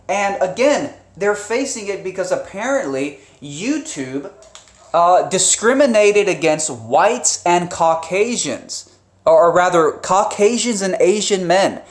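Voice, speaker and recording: A man hosting a casual live stream, talking loosely with restarts, chuckles and swearing. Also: high-pitched. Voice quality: rambling, with frequent restarts and profanity. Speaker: live streamer and channel host. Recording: roomy echo.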